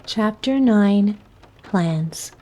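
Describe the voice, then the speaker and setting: Slow, mellow woman reading a bedtime story. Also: mid-range voice. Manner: calm, soothing, unhurried. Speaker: narrator.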